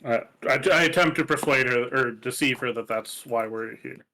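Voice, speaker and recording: A man's voice: mid-range voice, moderate pace, pushed and bright, low-quality recording. A man playing a tabletop game who speaks plainly and asks the game master questions. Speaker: player.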